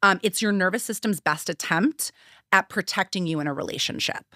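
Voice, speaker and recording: A woman's voice: medium pitch, a little fast, sharp tone, no room sound, clean studio sound. A young woman co-hosting a podcast, explaining psychology in a chatty way with frequent laughs. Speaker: podcast co-host. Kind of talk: casual chat explaining psychology.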